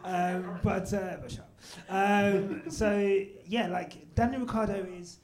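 Brief: young-sounding man, high voice, brash live-podcast host, swears a lot. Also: steady tone, measured pace. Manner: loud, swearing, laughing banter. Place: live event venue with audience.

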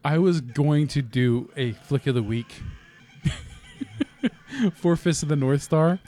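A man's voice: a little high, lively intonation, slow pace, mellow. A man co-hosting a podcast in casual chat, rambling, swearing and laughing often. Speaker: podcast co-host.

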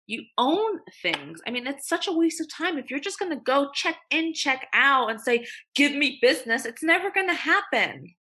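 A woman's voice: high voice, sing-song, normal speed, hardly any pauses, pushed and bright. A young woman attorney speaking as a guest in a podcast interview, blunt and emphatic, swearing freely. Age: young adult.

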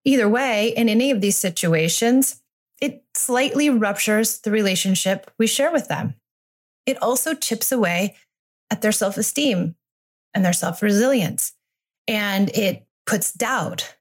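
A woman's voice: medium pitch, animated, unhurried. Woman, podcast host, reflective, earnest, solo monologue on parenting. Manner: reflective, earnest, acts out dialogue. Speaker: podcast host and family therapist.

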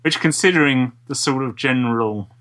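A man co-hosting a podcast, calmly reasoning through points in casual chat. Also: mid-range voice, normal speed. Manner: reasoned, explains at length. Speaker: podcast co-host.

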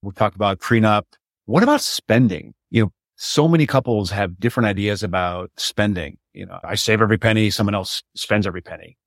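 A man's voice: lowish voice, fairly quick, gravelly, no room sound, clean studio sound. Man hosting, curious and reflective. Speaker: interview host. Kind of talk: conversational interview.

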